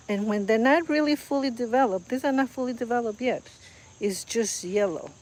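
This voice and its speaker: A woman with a mid-range, slightly mellow voice, carrying a little hiss or hum, chats casually for a vlog as she films her garden on her phone. She rambles, uses fillers, and gushes over the flowers, with crickets and insects in the background.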